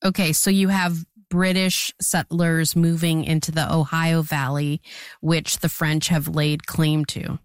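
A woman's voice: sits low, flat delivery, a little slow, clean tone, no room sound, studio quality. A woman co-hosting a casual history podcast, joking and reacting to her partner. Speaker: podcast co-host.

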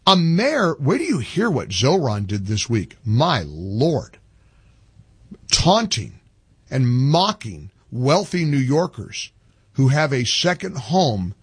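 Husky older male talk radio host. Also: medium pitch, takes it slowly, no echo, clean studio sound. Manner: animated, rising to fired-up peaks, then earnest appeals. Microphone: studio microphone.

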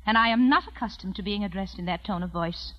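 An actress playing a dignified widow who speaks in a cool, formal and firm manner. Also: female voice, mid-range voice, fast talker, dull audio, lightly acted. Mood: indignant. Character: proud dignified young widow, ranch owner.

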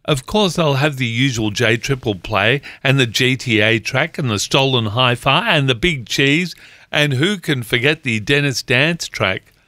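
A man's voice: medium pitch, a little slow, sharp tone, dry recording, studio quality. A man hosting a community radio show, playfully reading listeners' jokes and messages. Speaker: radio host. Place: radio studio.

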